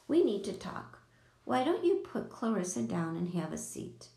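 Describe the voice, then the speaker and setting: A woman reading aloud, voicing a calm, reasonable mother. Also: medium pitch, normal speed, creaky. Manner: reasonable, polite. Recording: echoey room.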